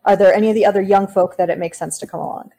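A woman's voice: mid-range voice, fairly even intonation, very fast, warm tone. A woman playing a tabletop game, asking casual questions full of fillers. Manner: casual, questioning, many likes. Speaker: player.

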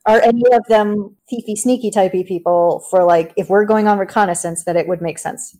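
Woman player, warm mellow voice, casual questions. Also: mid-range voice, steady tone, brisk. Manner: casual, questioning, many likes. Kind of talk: playing a tabletop game.

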